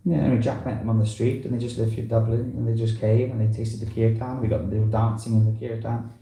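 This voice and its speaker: Man, visiting preacher, loose conversational talk, very dark tone, echoey temple room. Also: medium pitch, little pitch movement, fast talker. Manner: rambling and conversational, full of "you know". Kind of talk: informal talk to a temple congregation. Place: temple hall.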